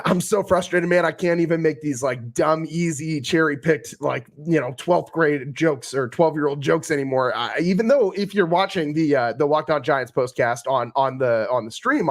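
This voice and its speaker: A man hosting a post-game sports podcast, talking in an exasperated, rambling way with frequent restarts. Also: high-pitched. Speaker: podcast host.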